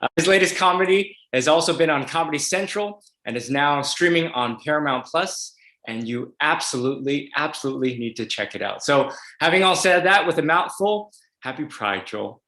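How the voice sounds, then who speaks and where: A man's voice: fairly high pitch, expressive, normal speed, sharp tone, echoey room. A man hosting a video interview as a legislator, upbeat and reading an introduction with some fillers. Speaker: host, state legislator.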